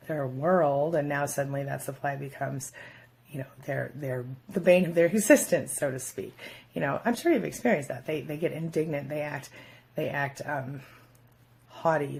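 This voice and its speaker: Low, gravelly-voiced woman vlogging. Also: a little mellow. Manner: chatty, speaks straight to viewers with many fillers. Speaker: vlog host giving relationship advice. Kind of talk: casual talk to camera.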